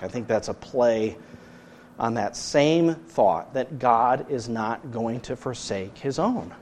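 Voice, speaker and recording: A man's voice: mid-range voice, takes it slowly, a little hiss or hum. Earnest male preacher. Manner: earnest preaching, rising loud then dropping soft. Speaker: pastor. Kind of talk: sermon.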